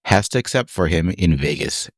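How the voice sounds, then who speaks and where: A man with a very low voice co-hosts a relaxed podcast. He reads quiz questions in an unhurried, plain way. The sound is dry and close. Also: no echo. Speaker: podcast co-host. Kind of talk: casual chat, reading quiz questions.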